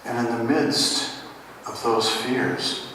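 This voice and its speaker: Pastor preaching a sermon, unhurried delivery with dry asides, male, recorded from a distance in a church with a faint hum of ambience. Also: medium pitch, steady tone, fairly bright tone. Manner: conversational, wry asides. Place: church sanctuary. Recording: echoey church hall from far off.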